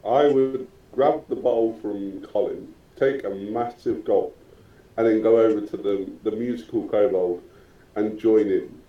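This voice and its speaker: A man's voice: on the low side, fairly even intonation, unhurried, phone-quality sound. A man playing a tabletop game, talking mildly and hesitantly, with small stammers. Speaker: player. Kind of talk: tabletop role-play. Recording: echoey room.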